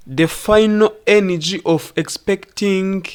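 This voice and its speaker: English teacher from rwanda, super slow, says every word twice to show it. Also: medium pitch, clean tone. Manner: deliberate, repeats words to demonstrate. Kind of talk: pronunciation lesson.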